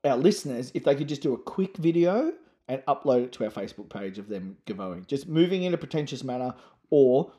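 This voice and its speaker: A man co-hosts a casual podcast, his pitch swinging lively up and down as he jokes around. He rambles and stays irreverent in loose banter with his co-host, close on a podcast microphone. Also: a little fast.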